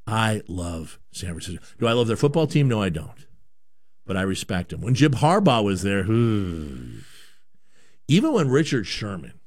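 A man from Canada holds forth on a sports talk show, rambling and opinionated. His pitch swings widely as he talks. The sound is close and dry. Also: no echo.

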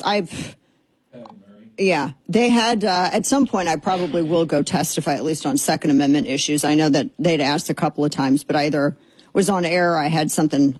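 A woman hosts a radio talk show in a studio, her voice husky and a little breathy. She rambles with fillers, sarcastic and exasperated as she riffs. The sound is dry and close, with no room around it. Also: deep voice, brisk, darkish tone, no echo. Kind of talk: casual opinionated radio talk. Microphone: studio microphone.

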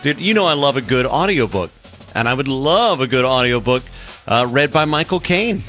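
A man's voice: medium pitch, big pitch swings, moderate pace, pushed and bright, faint music behind. A man co-hosting a radio show, talking in casual, opinionated banter. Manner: chatty, opinionated.

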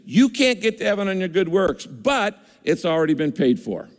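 A man's voice: sits high, big pitch swings, moderate pace. An older man preaching a sermon in a conversational way, voicing listeners' objections as he goes. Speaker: pastor. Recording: long reverb of a large hall.

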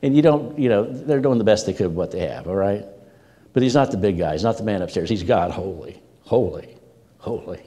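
A man's voice: on the low side, animated, fast, dark tone. A man preaching a sermon as a pastor, telling stories with energy and repeating words for emphasis. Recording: long hall reverb.

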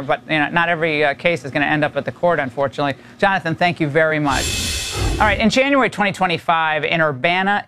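A man's voice: a little high, fairly bright tone, clear, resonant tone. A man hosting a cable news show, interviewing guests in an emphatic, indignant way. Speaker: TV news host.

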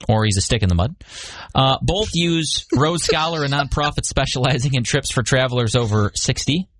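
A man's voice: medium pitch, moderate pace, a bit bright, no echo, clean studio sound. A man co-hosting a talk show, chatting and joking casually as he tells stories to his co-host. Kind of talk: casual banter.

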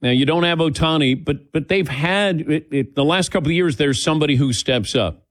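A man's voice: on the high side, fairly quick, no echo, studio quality. Rambling male sports talk host. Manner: rambling, self-correcting. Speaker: radio talk show host. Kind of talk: casual sports talk chat.

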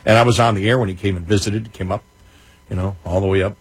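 A man co-hosting a late-night talk radio show, telling personal stories in casual, animated chat with many restarts. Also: fairly low pitch, fast talker, husky, poor audio.

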